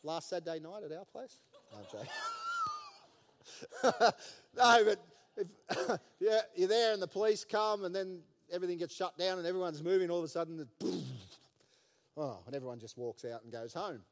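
A man with a notably high voice preaches a sermon in a big hall, and his words hang in a long, lingering reverb. He tells the story in an animated way and slips in playful asides along the way. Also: normal speed, pauses often.

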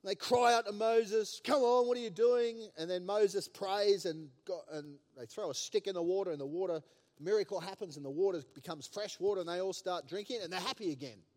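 A man with a notably high voice preaches a sermon in a big hall, and his words hang in a long, lingering reverb. He tells the story in an animated way and slips in playful asides along the way. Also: fairly quick.

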